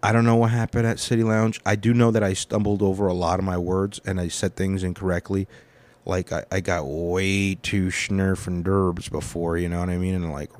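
A young man with a fairly low voice rambles through his week as a podcast host, swearing freely and laughing at himself. The sound is dry and close, with no room around it. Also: fairly even intonation, fairly quick, darkish tone, no echo. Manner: profane, meandering, self-deprecating. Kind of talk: rambling casual monologue.

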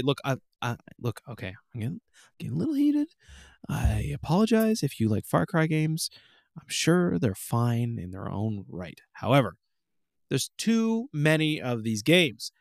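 A man's voice: medium pitch, sing-song, unhurried, vocal fry, no room sound, clean studio sound. A young adult man co-hosting a casual gaming podcast, ranting and acting out game moments as he talks. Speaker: podcast co-host. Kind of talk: casual chat.

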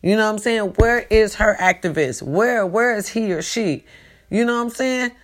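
Recorded at home late at night, a California woman vlogs an emphatic monologue to her followers, calling out to them and repeating herself. She speaks at a normal pace with a medium-pitched voice.

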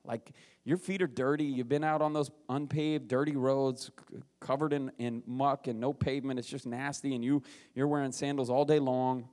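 A young adult pastor preaching a casual, conversational sermon full of rhetorical questions, rising in voice for emphasis. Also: male voice, mid-range voice, moderate pace, a little mellow.

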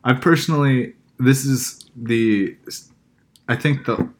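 A young man co-hosting a casual movie chat, relaxed and a little hesitant. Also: medium pitch, takes it slowly. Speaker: podcast co-host.

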